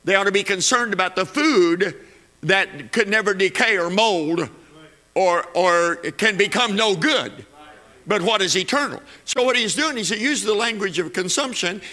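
A man's voice: high-pitched, normal speed, sharp tone. A man preaching a sermon, building to emphatic peaks and repeating phrases as he goes.

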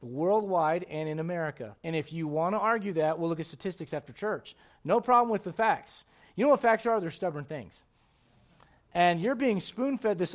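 A man preaching a sermon as pastor of a church, emphatic and swinging between loud bursts and low asides. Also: animated, brisk.

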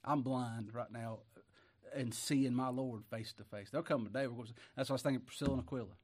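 Folksy preacher man, loud then hushed. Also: mid-range voice, steady tone, fairly quick. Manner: swings between loud declaiming and hushed asides; chuckles often, plain colloquial speech. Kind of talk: folksy sermon.

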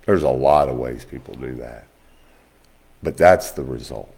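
A man preaching a sermon, telling folksy stories in an animated way. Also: unhurried. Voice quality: low gravelly voice. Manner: folksy, animated storytelling, rising high when quoting others. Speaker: pastor. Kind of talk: storytelling sermon.

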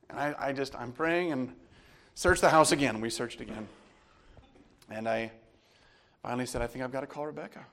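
Gravelly pastor preaching with emotion. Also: male voice, medium pitch, moderate pace, long pauses. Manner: emotional, swings from hushed to loud. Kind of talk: sermon with personal story.

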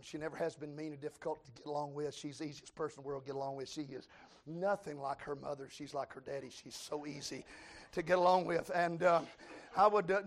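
A middle-aged man preaching a revival sermon, shouting with cries of praise. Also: very high-pitched.

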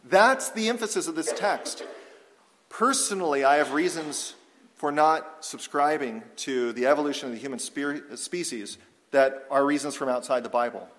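A man preaching an expository sermon, measured and emphatic, slowing down to read scripture aloud. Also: fairly high pitch, a bit bright. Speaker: pastor. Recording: long hall reverb.

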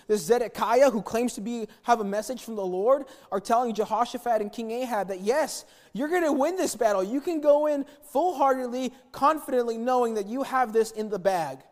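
A man preaching a sermon, retelling a Bible story in an animated way and acting out the quotes. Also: very high-pitched, brisk, hardly any pauses, long reverb tail. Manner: animated storytelling, acts out quotes, repeats words.

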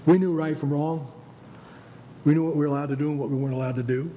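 An older American man preaches with a fairly high yet mellow, relaxed voice. He presses his points, restarts phrases and calls out "Amen?" to the congregation. A faint rumble of background noise sits behind him. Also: quick pace. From United States. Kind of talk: sermon.

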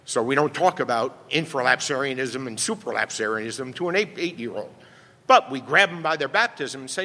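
A man's voice: mid-range voice, animated, a little fast, bright, forceful tone. A male pastor preaching a sermon emphatically, often checking in with "right?". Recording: long reverb from a hall.

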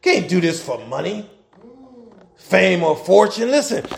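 A man preaching a sermon as pastor, swinging between shouted scripture and quiet, quick asides, repeating key lines for his congregation. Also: high voice, sing-song, creaky, soft background music. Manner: repetitive, call-and-response preaching. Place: church with congregation.

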